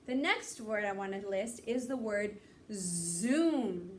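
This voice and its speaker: A woman teaching a phonics lesson to young children, speaking slowly and clearly with encouraging praise. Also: medium pitch, expressive, darkish tone, distant mic, slight background noise.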